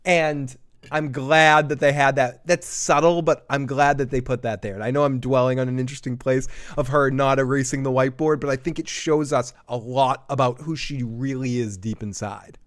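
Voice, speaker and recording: A man's voice: medium pitch, fairly even intonation, moderate pace. A man hosting a live TV episode review, chatty and rambling, swearing freely and laughing often. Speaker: host of a TV review show.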